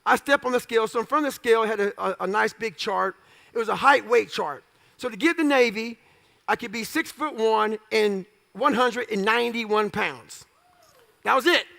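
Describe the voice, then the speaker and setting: A man's voice: sits high, normal speed, creaky, bright, forceful tone. A man telling his story in a blunt, profane, punchy way as an interview guest before a live audience. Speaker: guest speaker.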